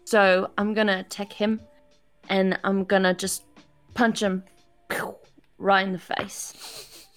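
A woman's voice: medium pitch, level tone, slow, pauses often, faint music behind. A woman playing a tabletop game, describing her moves hesitantly with many fillers. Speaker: player. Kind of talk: casual tabletop play.

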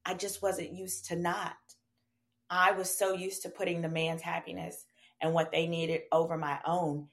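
A woman with a Southern American accent telling a personal story as a podcast guest, animated and profane, acting out quoted dialogue. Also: on the low side, normal speed. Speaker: podcast guest, attorney and comedian. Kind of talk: casual storytelling chat.

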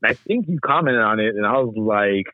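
A man from Southern California, a podcast guest talking in a relaxed, casual way with plenty of fillers. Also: on the low side, a little fast, no echo. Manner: relaxed, lots of "you know" fillers. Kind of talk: casual chat. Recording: tinny phone-like call line.

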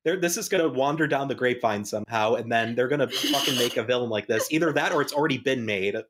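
A man co-hosting a live-streamed chat who tells jokes excitedly and acts out little bits between bursts of laughter. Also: medium pitch, fast talker, background noise. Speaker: podcast co-host.

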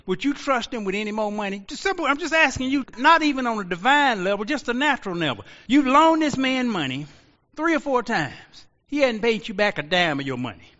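A man preaching a sermon as pastor, rising to shouts and slowing into drawn-out pauses. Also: very high-pitched, sing-song. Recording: lo-fi audio with long reverb.

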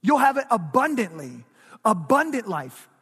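A man preaching in an animated way, pitched high with a husky edge. His voice rings out with a long hall reverb behind it. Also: measured pace. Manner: animated preaching with call-and-response asides. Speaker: pastor. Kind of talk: sermon.

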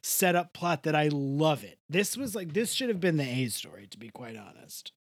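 A podcast co-host with a swinging, lively pitch and a blunt, profane way of talking. She sounds like a woman chatting casually, and she is recorded close and dry, with no room around her. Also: moderate pace, husky, no echo. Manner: profane, emphatic, animated. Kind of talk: casual chat.

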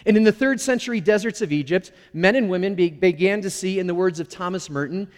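A man's voice: high voice, quick pace. A middle-aged male pastor giving a conversational, candid sermon with playful, self-deprecating asides. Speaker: lead pastor. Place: church sanctuary. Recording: long reverb of a large hall.

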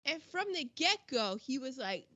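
Brief: woman podcast co-host, high and very expressive, loud exclamatory film recap. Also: unhurried, slightly rough, lo-fi sound. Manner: animated, exclamatory storytelling with slang. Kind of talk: casual film discussion.

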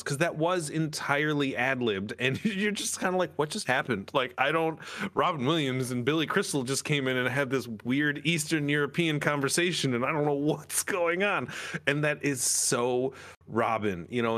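A man's voice: medium pitch, a bit bright. A man co-hosting a podcast, chatting casually with rambling sentences and many fillers. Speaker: podcast co-host. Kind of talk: casual chat.

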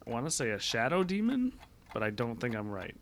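A man's voice: medium pitch, huge pitch swings, a little fast, a little hiss or hum. A man playing a trivia game with friends, rambling through his reasoning with dry sarcasm. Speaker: quiz contestant. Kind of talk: casual game chat.

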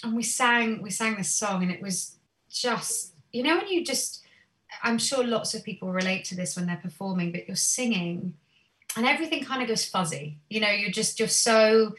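A woman, a singer, telling stories from her career in a chatty, animated way with many "um"s. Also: mid-range voice, normal speed, distant mic. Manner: animated storyteller, many "um"s, laughs easily. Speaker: guest singer. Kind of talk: casual interview chat.

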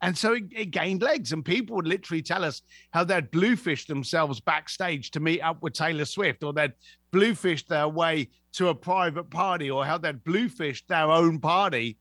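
A man's voice: on the high side, normal speed, no room sound, clean studio sound. A man telling anecdotes as a podcast guest, acting out the voices of the people in them. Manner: lively, acts out voices in anecdotes. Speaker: guest, author. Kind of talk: animated storytelling.

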